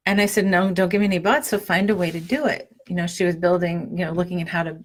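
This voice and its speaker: A woman's voice: lowish voice, level tone, fast. A middle-aged woman hosting a spiritual podcast, talking in a loose, rambling way with many fillers and restarts. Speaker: podcast host and spiritual guide. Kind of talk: casual spoken monologue.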